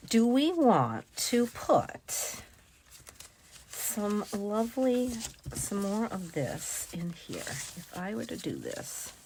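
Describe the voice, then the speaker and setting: A woman talking casually as she works on a craft project, thinking aloud and sometimes dropping to a whisper. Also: medium pitch. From United States. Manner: chatty, thinks aloud, drops to whispers while working. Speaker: crafting vlogger. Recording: loud background noise.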